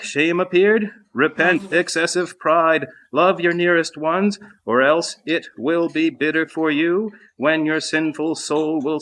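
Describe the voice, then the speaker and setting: A man reading aloud, voicing a stern old holy-fool monk elder who scolds slowly and with emphasis. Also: fairly high pitch, a bit bright. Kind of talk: reading a saint's life aloud. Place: monastery refectory.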